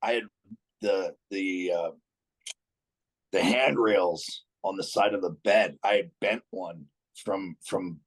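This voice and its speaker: A man with a deep voice speaks slowly as a podcast guest, recorded with poor audio. He tells a story casually and bluntly, swearing freely, restarting sentences, and chuckling as he goes.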